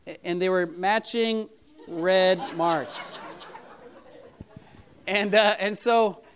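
A man's voice: high-pitched, drawn-out words, fairly bright tone, slight background noise. A middle-aged man preaching a casual sermon to his church, talking in a loose storytelling way with many fillers. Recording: church audio recording.

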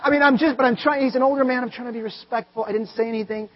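A man preaches in a high, husky voice, moving between loud animated storytelling and quiet earnest asides. His words ring out with the long reverb of a large hall. The recording sounds dull and lo-fi. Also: racing. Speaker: pastor. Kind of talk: sermon.

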